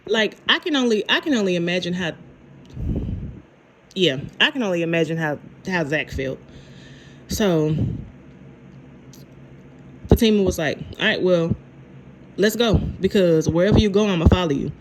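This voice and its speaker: Animated woman in her thirties recapping. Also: lowish voice, normal speed, long pauses, slight background noise. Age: 30s. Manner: animated storyteller, repeats herself, acts out quotes. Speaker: reality TV recap vlogger. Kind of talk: casual reality show recap.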